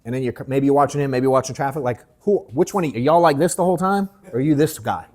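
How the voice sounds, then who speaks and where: A man leading a live sales workshop, telling animated stories that act out his own reactions, swearing freely and calling the audience bro and dude. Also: mid-range voice, racing. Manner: animated storytelling, mimics himself, swears, calls people bro and dude. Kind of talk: casual, joking workshop talk.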